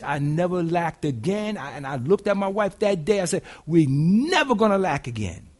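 A middle-aged man preaching a sermon in a casual, folksy way, moving between loud preaching and quiet, hushed storytelling. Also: sits high, very animated, moderate pace, few pauses. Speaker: pastor.

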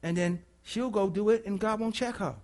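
A man preaching a sermon, emphatic, who swings from hushed to loud and repeats phrases for effect. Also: high voice, moderate pace.

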